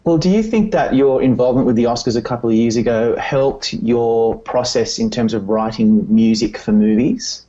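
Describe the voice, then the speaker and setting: A man's voice: medium pitch, normal speed, hardly any pauses, warm tone, lo-fi sound. A man interviewing a guest, asking hesitant questions full of fillers. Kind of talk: recorded audio interview.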